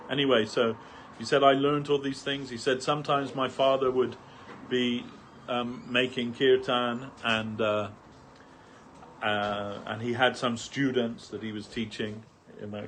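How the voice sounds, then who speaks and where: A man's voice: mid-range voice, fairly bright tone, slight background noise. A man speaking at a devotional gathering, telling a long anecdote through many quotes, with frequent fillers and restarts. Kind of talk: storytelling talk.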